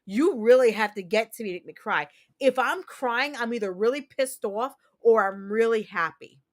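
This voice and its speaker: A woman's voice: on the high side, lively intonation, moderate pace. Candid, emotional woman streamer. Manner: candid, emotional, repetitive storytelling with mild swearing. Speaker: streamer host. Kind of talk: casual livestream chat.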